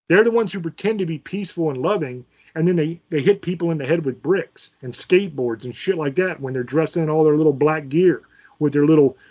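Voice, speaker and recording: A man's voice: on the high side, darkish tone, highs cut off. Angry ranting man, profane and combative. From Virginia, USA. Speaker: channel host. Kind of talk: ranting political commentary.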